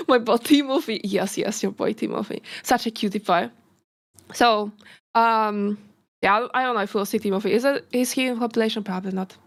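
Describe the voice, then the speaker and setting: A woman VTuber chatting casually on a reaction stream, giggly and rambling, often breaking off mid-sentence and bursting into excited remarks. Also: fairly high pitch, normal speed, long pauses. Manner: giggly, rambling, self-interrupting; excitable outbursts.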